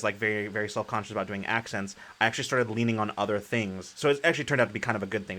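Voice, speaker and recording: A man's voice: lowish voice, a bit bright. A man hosting a podcast, who reflects in casual chat and thinks aloud in loose, restarting sentences. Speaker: podcast host and game master.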